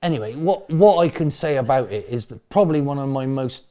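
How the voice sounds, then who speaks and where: A middle-aged man tells football stories in a pub interview with colourful slang. His voice swoops up and down as he rattles through the tale, breaking into loud laughing bursts. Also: medium pitch, lively intonation, fairly quick. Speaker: interviewee, former football manager. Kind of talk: animated storytelling interview.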